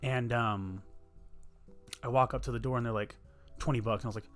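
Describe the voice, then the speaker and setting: A man's voice: mid-range voice, fairly quick, soft background music. Rambling, profane young man. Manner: profane, rambling, animated storyteller. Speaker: podcast host. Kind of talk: casual storytelling chat.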